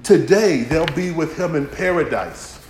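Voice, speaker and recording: Pastor preaching in an echoey hall. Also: male voice, on the high side, expressive, unhurried, a little hiss or hum. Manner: dramatic swings from shouting to near-whisper, folksy. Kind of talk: sermon.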